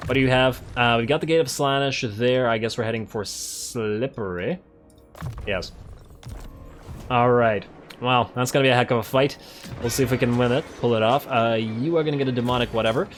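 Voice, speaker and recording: A man hosting a let's play, casually commenting on a strategy game while thinking aloud, correcting himself and getting excited. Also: medium pitch, soft background music. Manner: excitable, quick to laugh.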